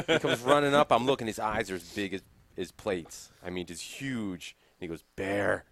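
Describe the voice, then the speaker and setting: A man's voice: lowish voice, moderate pace, fairly bright tone. A man on a podcast as a company guest, chatting casually in a laid-back, wry way. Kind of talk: casual chat. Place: studio.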